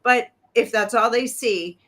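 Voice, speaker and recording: A woman's voice: a little high, unhurried, a bit bright. A woman guest on a political panel, speaking with angry indignation. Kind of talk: heated political commentary.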